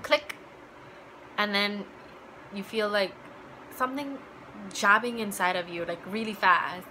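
Young woman, vlogger, bright clear tone, chatty and filler-heavy, faint background hiss. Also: medium pitch, unhurried, rough recording. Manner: chatty, full of "like" fillers, acts out remembered dialogue. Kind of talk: casual personal storytelling.

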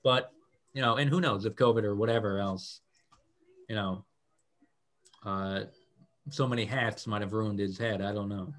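A man's voice: fairly low pitch, normal speed, long pauses, a bit bright. A man co-hosting a sports talk show in a small studio, who talks in a hedging, easygoing way. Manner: hedging, full of "I mean" and "I don't know". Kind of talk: casual sports debate. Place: small public-access TV studio.

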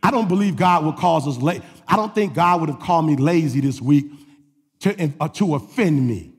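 Gravelly preacher man, shouting and murmuring. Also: animated, normal speed, in a large hall. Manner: swings from shouted preaching to low confiding asides. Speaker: pastor. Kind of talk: sermon.

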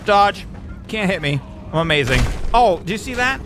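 A man with a high-pitched, expressive voice talks at normal speed over a noisy background while commenting on his own gameplay in a let's play. He chats casually, trash-talks enemies playfully and shouts in bursts when fighting.

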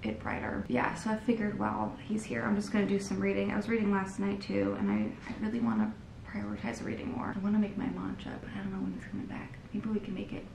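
Filming herself indoors at home, a young woman talks fast in a gravelly, medium-pitched voice, giggly and chatty with rambling side remarks. It's a casual vlog recorded on her camera's own microphone in an echoey room, with background noise audible.

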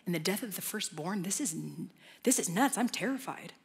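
A woman voicing a nervous, terrified father who stammers and rambles in a hushed voice. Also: lowish voice, lively intonation, a little fast, creaky, husky, full character voice. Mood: anxious. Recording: long church hall reverb.

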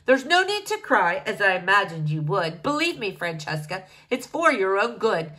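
A woman's voice: mid-range voice, big pitch swings, normal speed, bright, forceful tone, rough recording. A woman reading a storybook aloud, voicing a vain, fashion-obsessed king who scolds in rhyme. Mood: stern. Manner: blustering, scolding, rhymed verse.

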